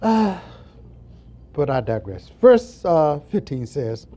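A man preaching a sermon, moving between quiet asides and impassioned high calls. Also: very animated, takes it slowly.

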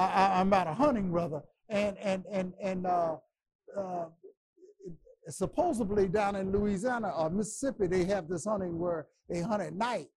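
Impassioned, husky male preacher. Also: high voice. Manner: impassioned, stammering repetitions, rising to shouts. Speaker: Bible class teacher. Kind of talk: preaching Bible lesson.

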